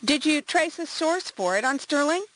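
A woman reading aloud, voicing a blunt female homicide detective who asks sharp questions. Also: high voice, animated, normal speed, no room sound, voice pushed up, rough recording. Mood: probing.

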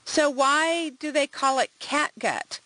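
A woman reading aloud, voicing a blunt female homicide detective who asks sharp questions. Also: high voice, slow, no room sound, voice pushed up, exaggerated voice, low-quality recording. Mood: probing.

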